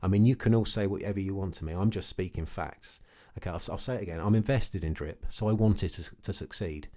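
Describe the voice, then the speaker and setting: A man's voice: low voice, fast, warm tone. A man ranting casually to camera about his investments, blunt and repetitive, often tagging his points with "okay". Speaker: crypto vlogger.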